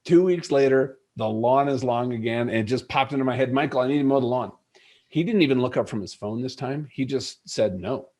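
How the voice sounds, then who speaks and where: A man's voice: mid-range voice, fairly quick, few pauses, a little mellow. A middle-aged man and leadership coach, a guest telling a personal story in an earnest, reflective way. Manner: earnest, reflective, with many fillers. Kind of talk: conversational storytelling interview.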